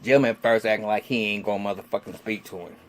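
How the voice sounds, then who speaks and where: A man in his forties giving a casual, excitable, heavily cursing recap of a TV episode. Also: on the low side, fast, a little hiss or hum. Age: 40s. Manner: excitable, heavily cursing, acts out characters' lines. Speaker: TV episode reviewer.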